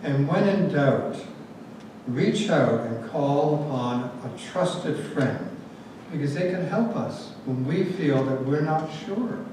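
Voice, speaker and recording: Echoey, fairly high-voiced male preacher. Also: slow pace. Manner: lively storyteller, adds asides and jokes. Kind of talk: storytelling sermon. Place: large room with a gathered audience. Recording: very echoey, distant, faint noise.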